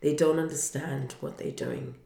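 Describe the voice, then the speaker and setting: A woman doing an earnest gentle savior, softly spoken. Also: low-pitched, wildly swooping pitch, normal speed, gravelly, slight background noise, exaggerated voice. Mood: pleading. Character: calm suffering man, gentle savior. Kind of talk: storybook reading. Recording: roomy echo.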